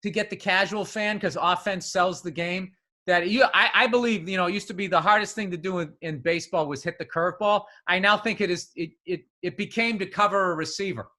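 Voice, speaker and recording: A man's voice: high-pitched, a little fast, sharp tone. A man co-hosting a casual podcast chat, ranting heatedly with lots of swearing. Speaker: podcast co-host.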